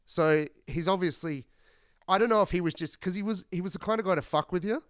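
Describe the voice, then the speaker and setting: A podcast host telling rambling, profane stories in casual chat. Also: male voice, high-pitched, fast talker, fairly bright tone, no room sound, studio quality. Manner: rambling, profane, laid-back.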